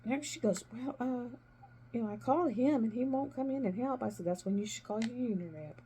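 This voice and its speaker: A middle-aged woman and former nurse chatting casually while she crafts, retelling conversations with emphatic, animated delivery. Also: fairly high pitch, brisk, a little hiss or hum.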